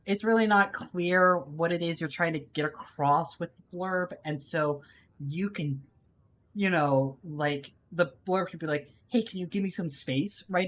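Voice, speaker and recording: A woman streaming a video game, chatting casually and rambling with lots of fillers. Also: deep voice. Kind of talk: casual gameplay commentary.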